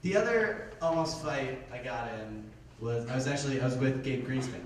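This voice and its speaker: A man's voice: medium pitch, moderate pace, a little hiss or hum. Young man doing stand-up in an echoey theater. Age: young adult. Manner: deadpan storytelling, acts out the voices in his anecdotes. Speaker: stand-up comedian. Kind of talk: stand-up comedy set. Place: small theater with a live audience. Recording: distant, echoey room, loud audience laughter. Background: audience laughter.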